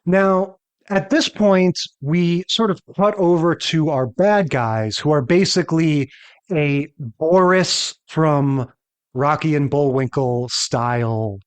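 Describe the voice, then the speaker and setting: A man co-hosting a podcast in casual chat, rambling and often checking in with a quick "right?". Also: a little high, clear, resonant tone. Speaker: podcast co-host.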